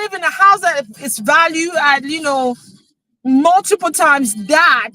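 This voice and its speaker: A woman, a real estate coach chatting emotionally on a live stream, excited as she talks. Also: high-pitched, normal speed, poor audio. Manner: excited, emotional, switching into French.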